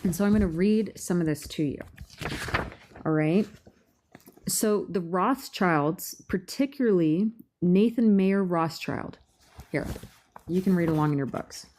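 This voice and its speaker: A woman giving a casual talk to a group, reading aloud and breaking off into animated rhetorical asides. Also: lowish voice, unhurried, pauses often, a little hiss or hum. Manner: animated, rhetorical questions, frequent restarts. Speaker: presenter at a meeting.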